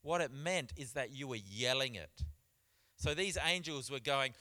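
A man preaching a sermon in church, stressing points with repeats and swinging between loud and soft. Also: medium pitch, expressive, measured pace. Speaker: pastor.

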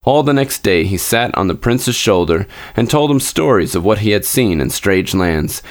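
A man narrating a classic fairy tale aloud in a measured, expressive storybook reading. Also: fairly low pitch.

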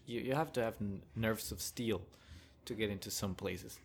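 A man's voice: lowish voice, normal speed, a little hiss or hum. A young man hosting a casual solo rant, rambling and joking with frequent chuckles. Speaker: podcast host.

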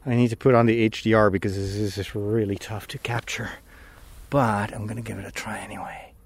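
A priest podcaster recording a casual vlog outdoors while walking, a bit out of breath, talking in a rambling, easily distracted way. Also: male voice, lowish voice, level tone, a little fast, gravelly, no echo. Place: outdoors on a walk at sunset.

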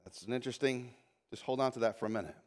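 Speaking rapid-fire at medium pitch, this lead pastor delivers an animated sermon in the sanctuary, often restarting and going off on asides, and lifts his voice for scripture readings.

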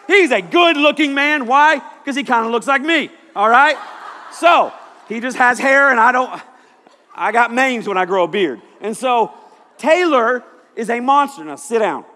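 A man preaching a lively, jokey youth sermon to a room of students. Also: very high voice, a little slow, some chatter behind, a little hiss or hum. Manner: animated, jokey, shouting at times. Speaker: youth pastor. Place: church hall with audience. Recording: echoey hall.

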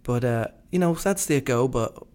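A man's voice: medium pitch, expressive, fairly quick, a little mellow, clean tone. A man from Britain co-hosting a casual conversation. He rambles enthusiastically, restarting sentences and leaning on fillers. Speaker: podcast co-host. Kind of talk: casual chat.

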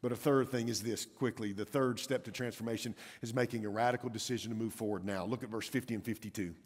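A man's voice: on the low side, steady tone, quick pace. Dramatic male preacher in a reverberant hall. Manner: dramatic storytelling, swinging from loud and urgent to hushed. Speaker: pastor. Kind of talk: sermon. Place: church sanctuary.

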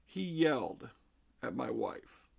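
A man's voice: medium pitch, huge pitch swings, slow, creaky, a little mellow, husky. A middle-aged man telling a story casually, recounting conversations with an exasperated manner.

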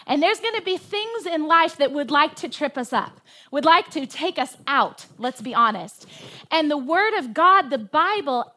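A woman pastor with a high, bright voice preaches from a church stage. She tells her story animatedly and hits her points with emphatic force. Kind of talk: sermon with a personal story.

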